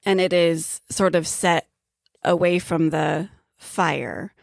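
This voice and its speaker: A woman's voice: on the low side, fairly even intonation, slow pace, vocal fry, dry recording, clean studio sound. A woman narrating as game master of a tabletop game, describing scenes with easy laughter.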